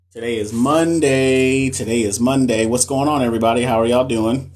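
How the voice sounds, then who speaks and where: A man's voice: medium pitch, moderate pace, a little mellow. A man who is a nurse educator, chatting casually with viewers on a live stream, loose and slangy, often repeating himself. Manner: loose, slangy, repeats phrases, talks straight to chat. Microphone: phone or webcam for a live stream.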